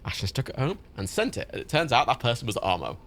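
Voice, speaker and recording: Lively, gravelly streamer. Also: male voice, mid-range voice, fast, slight background noise. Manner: rambling, sweary, laughs often. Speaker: livestreamer. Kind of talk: casual chat on a gaming livestream.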